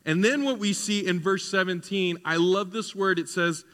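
A man's voice: high-pitched, moderate pace, fairly bright tone, big-room sound. A man preaching a sermon as pastor, conversational at times and building to fervent emphasis.

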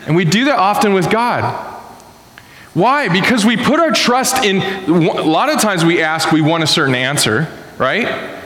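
A man in his thirties preaching a sermon to a congregation in a casual, animated storytelling way. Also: a little high, normal speed, slight background noise. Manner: animated storytelling, acting out voices. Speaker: pastor. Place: church hall. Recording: echoey hall with long reverb.

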